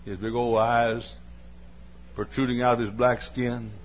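Here an older man with a Southern American accent delivers a sermon, unhurried and level in tone at medium pitch, slipping in a folksy story, occasional rebukes of the listeners, and sudden shouts. Slight background noise sits under this dull lo-fi recording.

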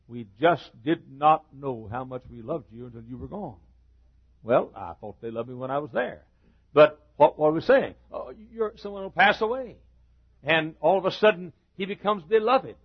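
A middle-aged man preaching a sermon as a pastor, building a repetitive cadence that rises to shouts. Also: on the high side, husky. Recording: dull lo-fi recording.

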